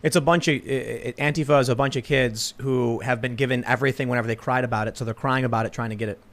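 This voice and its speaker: A man hosting a casual panel discussion, telling stories in an animated way and often restarting his sentences. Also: mid-range voice, fast talker. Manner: animated storytelling with repeated restarts. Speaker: host.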